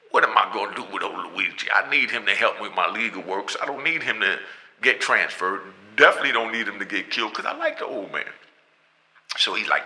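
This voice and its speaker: Middle-aged male storyteller, animated and chatty, gravelly with a hard edge. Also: fairly low pitch, brisk, poor audio. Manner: animated, often asks "you know what I mean", laughs between lines. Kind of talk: casual storytelling.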